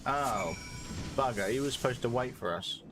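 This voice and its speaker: A man streaming a video game, chatting excitedly and laughing as he plays. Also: medium pitch, moderate pace, music in the background. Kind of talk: live game-stream commentary.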